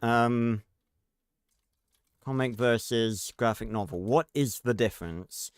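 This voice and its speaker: A man's voice: mid-range voice, slow pace, clean tone, no room sound, studio quality. A man streaming a video game, giving casual, rambling commentary, thinking aloud and swearing freely.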